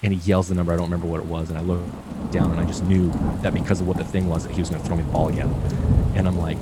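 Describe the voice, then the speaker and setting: A man's voice: low-pitched, flat delivery, very fast. A man in his late twenties telling stories in a rambling casual chat, full of "like.". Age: 20s. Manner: rambling, many "like"s. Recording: noisy rain in background.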